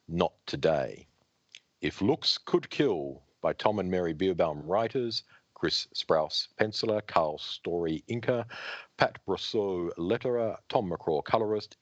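A man co-hosting a podcast, reading and summarizing a comic book aloud in a plain, steady way. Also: low-pitched, no room sound, highs cut off. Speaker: podcast co-host.

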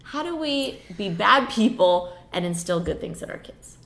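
A woman's voice: mid-range voice, lively intonation, normal speed, creaky, a bit bright. A woman in her thirties talking casually and personally, rambling with many fillers. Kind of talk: casual chat.

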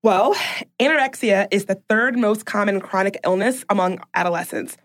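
A woman's voice: medium pitch, normal speed. Emphatic woman podcast co-host. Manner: emphatic, indignant, reads out facts. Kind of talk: casual chat.

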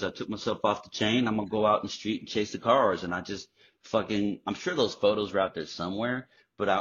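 A man guest on a podcast, telling candid, profane stories in a casual, animated way. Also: fairly low pitch, husky. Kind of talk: casual storytelling. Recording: dull lo-fi sound.

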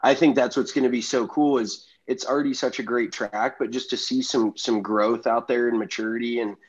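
A man's voice: mid-range voice, fairly even intonation, a little fast, breathy edge, dull audio. Enthusiastic slangy male co-host. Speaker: podcast co-host. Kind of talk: casual podcast chat.

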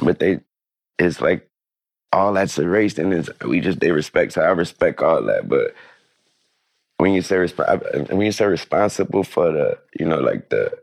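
Male interview guest, very low and gravelly voice, rambling, casual. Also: animated, normal speed, dry recording. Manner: loose, rambling delivery with many restarts and fillers.

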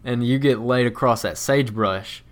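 A man of middle pitch co-hosts a casual podcast and recounts a hunt. He tells it in a plain, steady way, with sudden excited bursts. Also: normal speed. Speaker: podcast co-host. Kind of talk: casual hunting storytelling.

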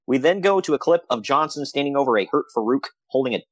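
A man's voice: medium pitch, slightly rough, dry recording, dull audio. A man co-hosting a podcast, chatting casually about old wrestling shows with sarcastic asides. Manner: animated, sarcastic asides, quick laughs. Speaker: podcast co-host.

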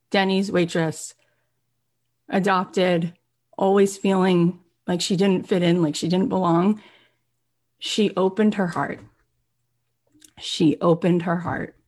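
A middle-aged woman with a fairly low voice tells an inspiring story. She speaks earnestly and slips into the other people's voices as she tells it. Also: a little mellow. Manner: earnest, acts out quoted voices. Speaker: motivational speaker. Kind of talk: motivational storytelling.

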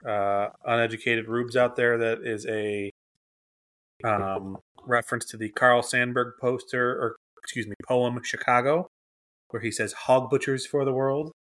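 A man's voice: medium pitch, level tone, measured pace, fairly bright tone. A young adult man co-hosting a podcast in casual chat, enthusiastic and joking as he rattles off lists. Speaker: podcast co-host.

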